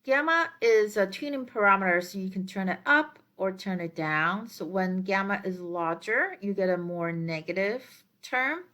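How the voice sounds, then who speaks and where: A woman lecturer explaining her slides in a measured way, with frequent ums and uhs as she works through each step. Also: mid-range voice, expressive, a bit bright.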